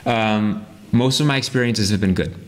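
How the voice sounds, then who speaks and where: American guest, low-pitched man, halting and full of restarts. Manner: hesitant, many restarts and fillers. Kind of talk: casual interview chat.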